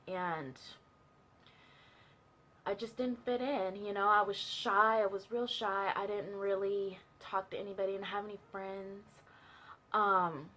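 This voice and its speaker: A woman's voice: mid-range voice, a bit bright. A young woman telling a personal story in a chatty, casual way, full of fillers and asides. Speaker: vlogger sharing a testimony.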